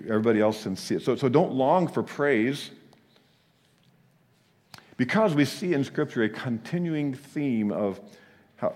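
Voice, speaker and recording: A man preaching a sermon, telling the story with animated delivery and frequent chuckles. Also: fairly low pitch, long reverb tail.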